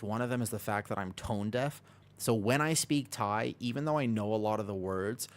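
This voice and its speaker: Male streamer, loose rambling delivery, pokes fun at himself, answers chat. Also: lowish voice. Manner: rambling, self-deprecating, reads chat aloud. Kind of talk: casual chat with live chat. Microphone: desk microphone.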